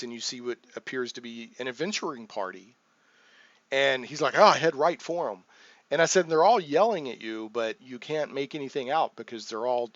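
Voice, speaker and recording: A man's voice: mid-range voice, fairly bright tone, no room sound. A man who runs a tabletop game, chatting loosely about his sessions with lots of restarts and fillers. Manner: rambling, full of restarts and fillers, acts out players' lines. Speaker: game master, channel host. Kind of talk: casual talk about running a tabletop game. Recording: dull muffled sound, dry.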